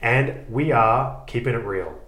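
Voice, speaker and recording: A man's voice: medium pitch, fairly bright tone. Rambling man, echoey room. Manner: rambling, self-mocking, quick to laugh. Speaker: podcast co-host. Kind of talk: casual comedic chat.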